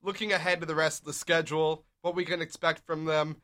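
A man's voice: a little high, little pitch movement, pushed and bright. Upbeat young man hosting sports talk. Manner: upbeat, leads the conversation with quick recaps. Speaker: podcast host. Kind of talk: casual sports talk show.

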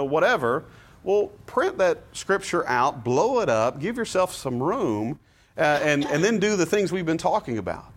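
A man teaching a Bible study class, explaining passages casually and reading scripture aloud with feeling. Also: mid-range voice. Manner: conversational, dramatizes scripture readings with rising intensity; frequent fillers and restarts, relaxed explaining. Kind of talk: classroom lesson.

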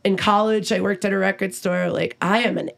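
A woman's voice: mid-range voice, steady tone, a little fast, creaky, faint music behind. A middle-aged woman musician speaking as an interview guest, blunt and profane, laughing often. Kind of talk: casual interview chat.

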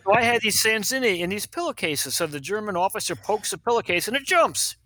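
An older man, a pediatrician, telling funny stories in an animated way and acting out the people in them. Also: high voice, fairly quick, no echo. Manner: animated, acts out other people's voices, laughs at his own stories. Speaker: guest, pediatrician. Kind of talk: anecdotal storytelling.

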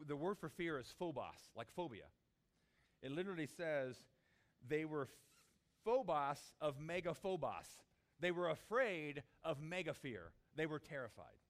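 A man preaching a sermon, acting out the disciples' pleas in a raised voice. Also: medium pitch. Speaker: pastor.

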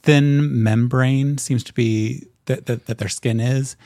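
A man narrating a tabletop game as game master, describing scenes in detail with frequent pauses and ums. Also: mid-range voice, steady tone, warm tone, dry recording, studio quality.

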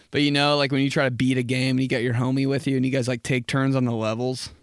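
A young man rambles through a solo comedy podcast, cursing and jumping into little acted-out exchanges. His voice sits at a middling pitch. The sound is close and dry, with no room around it. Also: flat delivery, smooth, no room sound. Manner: rambling, profane, acts out quick mock exchanges. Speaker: podcast host. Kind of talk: casual comedic monologue.

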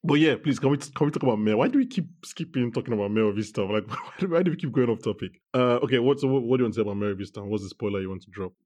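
A man co-hosting a casual podcast about a TV show, talking in animated bursts with quick asides and restarts. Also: mid-range voice. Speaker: podcast co-host. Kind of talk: casual chat reviewing a TV show.

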